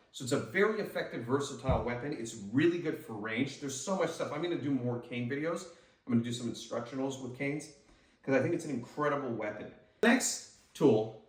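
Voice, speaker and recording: Male martial arts instructor, mid-pitched, upbeat and demonstrative, recorded off-mic in an echoey room. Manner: enthusiastic, talks while demonstrating moves. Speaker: self-defense instructor and host. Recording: roomy echo, mic some distance away.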